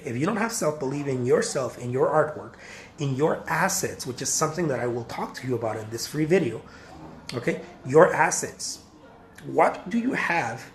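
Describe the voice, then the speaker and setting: Emphatic man in an echoey room. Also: on the high side. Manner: emphatic, repeats points, addresses viewers as guys. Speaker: artist giving career advice. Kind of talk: casual vlog talk to camera. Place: home, near a backyard.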